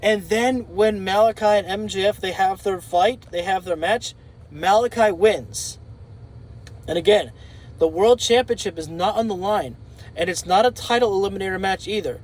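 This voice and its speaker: A man's voice: high-pitched, poor audio. A man talking casually in an opinion vlog, rambling and thinking aloud with fillers. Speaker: wrestling commentator.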